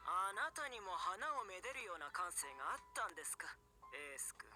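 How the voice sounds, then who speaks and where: A cold, polite White Rabbit chancellor. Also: male voice, high voice, sing-song, racing, over loud music. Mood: icy. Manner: coolly polite with cutting remarks. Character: cold sharp-tongued White Rabbit chancellor, young man. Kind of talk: Japanese otome game voice acting.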